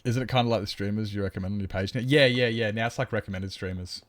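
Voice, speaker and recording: A man's voice: lowish voice, fast talker, a bit bright. A man streaming a survival game, chatting casually, reading chat aloud and drifting into mock-grand asides.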